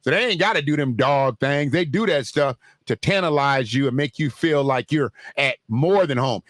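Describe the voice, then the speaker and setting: A man's voice: mid-range voice, normal speed, fairly bright tone, no echo. A man hosting a livestream, talking straight to his viewers in a loose, joking, conversational way. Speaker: livestream host. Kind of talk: casual livestream commentary.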